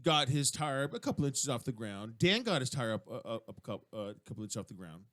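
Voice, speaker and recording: A middle-aged man telling a story in a casual radio chat, animated and swearing freely. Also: mid-range voice, quick pace. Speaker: co-host telling a riding story.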